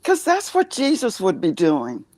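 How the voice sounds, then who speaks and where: An older woman calling in to a live stream, chatting cheerfully and warmly. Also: mid-range voice, huge pitch swings, unhurried, dry recording. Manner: cheerful, gushing. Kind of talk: casual call-in chat.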